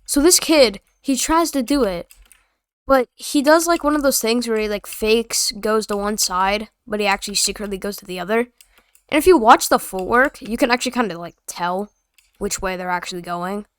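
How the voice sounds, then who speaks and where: A woman's voice: mid-range voice, moderate pace, clear, resonant tone, no room sound. A young woman telling a story in a casual, rambling, slangy and sarcastic way. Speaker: vlogger.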